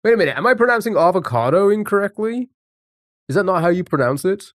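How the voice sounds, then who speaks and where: A man's voice: high-pitched, animated, fast talker, no echo, clean studio sound. A man streaming live, chatting casually with viewers and thinking aloud while guessing words. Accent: non-American English.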